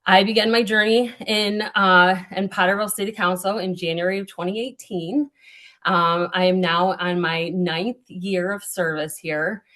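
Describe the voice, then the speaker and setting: A woman serving as a small-town mayor, speaking at a town hall with a slightly low voice. She is earnest and a bit halting, dropping in ums and correcting herself as she goes. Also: fairly even intonation, a bit bright. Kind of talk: prepared remarks at a town hall.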